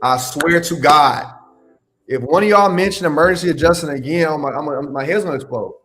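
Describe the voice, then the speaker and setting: A man hosts a live Q&A stream about insurance adjusting, handing out blunt, emphatic advice and scolding his viewers. His voice is on the high side, fairly bright, and he talks fast.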